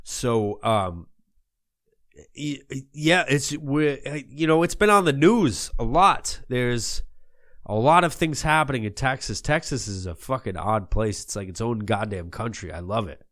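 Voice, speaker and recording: A man hosts a comedy show in character, ranting in a profane, rambling way. His voice sits at an ordinary middle pitch, swinging between loud bursts and low mutters. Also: expressive, a little slow. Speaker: comedy podcast host in character.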